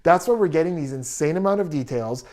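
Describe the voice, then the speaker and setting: An analytical video commentator who works through the evidence point by point and keeps asking pointed rhetorical questions. The voice sits at a middling pitch and stays conversational and steady. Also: quick pace. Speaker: commentator analyzing text messages.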